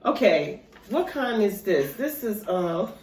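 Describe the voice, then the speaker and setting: In an eating vlog, a mukbang vlogger with a mid-range, darkish voice speaks slowly, her pitch swinging widely. She chats casually and loosely, talking straight to her viewers with "y'all." The recording has a roomy echo.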